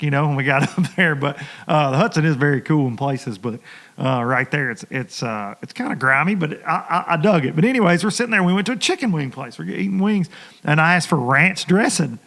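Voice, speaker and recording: A man with a Tennessee Southern accent hosting a casual podcast chat, telling stories with lots of laughter. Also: mid-range voice. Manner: laughing, animated storyteller. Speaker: podcast host.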